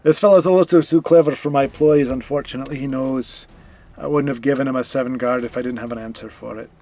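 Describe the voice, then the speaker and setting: A man's voice: medium pitch, steady tone, quick pace, warm tone. A man streaming a card game, chatting casually and loosely, talking back at his opponent with mock outrage. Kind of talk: casual gameplay commentary. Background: faint game music.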